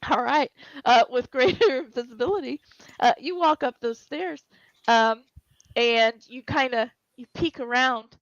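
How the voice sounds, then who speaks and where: A woman with a high-pitched voice runs a tabletop game as game master, narrating descriptively at an unhurried pace with fillers and restarts. The recording is dull, lo-fi and dry, with no room sound.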